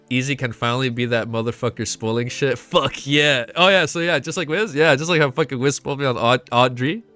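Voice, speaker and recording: A young man streaming a casual reaction, excitable and swearing often, laughing between remarks. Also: mid-range voice, clean tone. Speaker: streamer reacting to a web novel. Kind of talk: casual live reaction chat.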